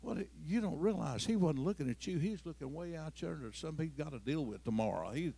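A man preaching a sermon as pastor, moving between quiet storytelling and loud, climbing declarations. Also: on the high side, lively intonation, fast, creaky, slightly rough. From Missouri. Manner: swings from soft storytelling to loud, rising preaching.

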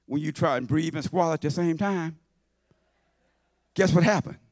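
Gravelly, high-pitched preacher. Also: male voice, moderate pace, dry recording, studio quality. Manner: shouting and half-singing at high points, then dropping to low asides; conversational, folksy, with repetitions and laughter. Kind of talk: sermon. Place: church.

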